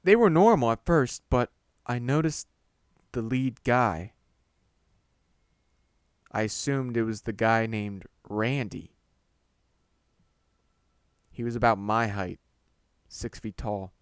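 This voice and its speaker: A man reading a horror story aloud in a slow, deliberate narration. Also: mid-range voice, clean tone, no echo, studio quality.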